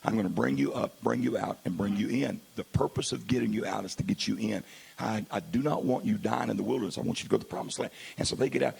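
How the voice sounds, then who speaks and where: A man pastor preaching a sermon, swinging from quiet asides to loud, drawn-out exclamations. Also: lowish voice, gravelly, husky.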